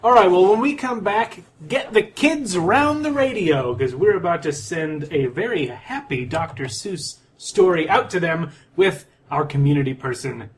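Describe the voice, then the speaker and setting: A man hosts a comedy podcast, leading the interview with playful questions. His pitch sits a touch high and swings widely, with faint hiss behind him. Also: lively intonation, moderate pace, few pauses. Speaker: podcast host.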